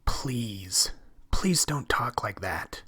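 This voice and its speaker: A man with a husky voice voicing a timid young woman come to life in a department store, speaking in a soft, breathy half-whisper in an audiobook reading. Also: mid-range voice, lively intonation, a little slow, full character voice. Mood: tearful.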